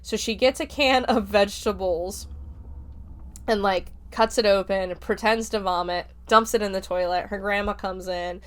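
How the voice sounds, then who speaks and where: A woman's voice: medium pitch, fairly even intonation, moderate pace. A woman hosting a podcast, casually summarizing a book's plot in a loose, chatty way full of fillers. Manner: chatty, filler-heavy retelling. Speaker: podcast host reviewing a book.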